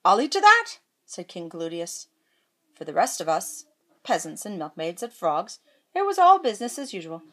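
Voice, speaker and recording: A woman's voice: lowish voice, expressive, moderate pace. A woman reading a comic fairy tale aloud, playful with jokey asides. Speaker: storyteller. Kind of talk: playful storybook read-aloud.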